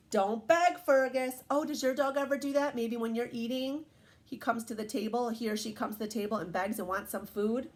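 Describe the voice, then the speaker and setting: Animated woman reading a picture book aloud. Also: high-pitched. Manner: warm, animated, questions to young listeners. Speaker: teacher reading aloud to children.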